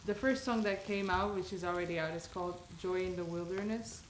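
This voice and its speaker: Brief: woman from portugal, relaxed talk, echoey kitchen with faint sizzle. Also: on the low side, brisk, a little hiss or hum. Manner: relaxed, reflective, laughs often. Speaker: guest singer. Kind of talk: casual chat while cooking. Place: home kitchen.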